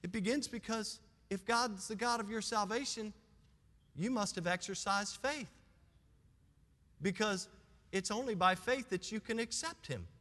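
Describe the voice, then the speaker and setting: A hoarse man preaching a sermon as pastor, with emphatic swings between loud and soft. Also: high-pitched, a little slow, pauses often, big-room sound.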